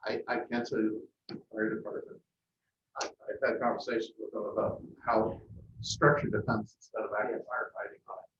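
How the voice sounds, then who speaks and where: A man speaking at a public meeting as airport manager, plainspoken and hesitant with frequent pauses. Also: lowish voice, little pitch movement, background noise. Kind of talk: meeting discussion. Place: council meeting room. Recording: echoey, distant, muffled meeting audio.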